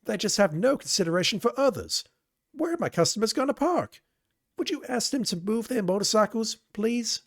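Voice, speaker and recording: A man voicing an upset woman cafe owner in a video game, complaining loudly in a high, pleading voice. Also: animated, normal speed, no room sound, clean studio sound.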